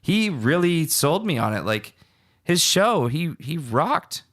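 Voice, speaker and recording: In a casual podcast chat, a young man co-hosting spins rambling tales, stumbling into restarts and filler words. His voice is a little high and a bit bright, very animated yet slow.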